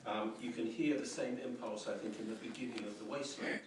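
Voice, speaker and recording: Speaking at a fairly quick clip in a medium pitch, a man delivers a university lecture on poetry, reflective and hesitant, full of ums and restarts. The recording is very noisy, made from a distance in a roomy, echoing lecture hall.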